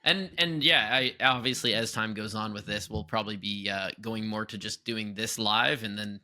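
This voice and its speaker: A young man co-hosts a casual podcast with a very bright, ringing tone. He talks in a lively, animated way and often slips into playful exaggerated voices. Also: normal speed. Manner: animated, breaks into high exaggerated impressions. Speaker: podcast co-host. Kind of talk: casual chat.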